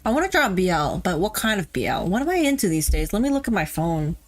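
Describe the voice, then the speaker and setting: A woman's voice: mid-range voice, very animated, fast, soft background music. A woman VTuber streaming casually while a little tipsy, rambling off topic, swearing and laughing. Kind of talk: casual livestream chat.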